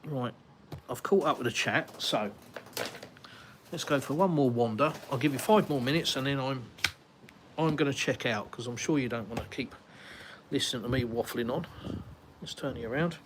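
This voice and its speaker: Man, English accent, casual live-stream chat, rambling, reading out comments, middle pitch, faint hiss behind. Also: moderate pace, long pauses, fairly bright tone. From United Kingdom. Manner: rambling, reads viewer comments aloud and answers them. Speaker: livestream host. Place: outdoors at a house, walking about and onto a windy terrace.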